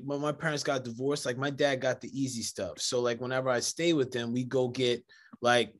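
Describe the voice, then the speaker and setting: A man hosting a casual conversation, telling animated stories and acting out the voices of people in them. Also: mid-range voice. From United States, Jamaican family. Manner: animated storyteller, acts out quoted voices. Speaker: podcast host.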